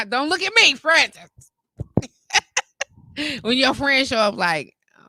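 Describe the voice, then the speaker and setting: Woman host, bright tense voice, dry close sound, animated casual chat. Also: sits high, measured pace, pauses often, no echo. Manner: animated, repeats "you get what I'm saying". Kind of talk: casual live-stream chat.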